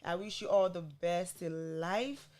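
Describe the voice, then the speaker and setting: A woman's voice: lowish voice, unhurried, a little mellow. A woman with a Nigerian accent, co-hosting a gospel radio show in a firm, teasing, scolding way. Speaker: radio co-host.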